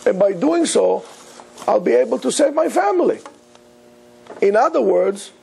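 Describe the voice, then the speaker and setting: Gravelly-voiced rabbi giving an earnest lecture. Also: male voice, extremely high pitch, very animated, normal speed, long pauses, a little mellow. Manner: earnest, emphatic teaching with Hebrew terms. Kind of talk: Torah lecture.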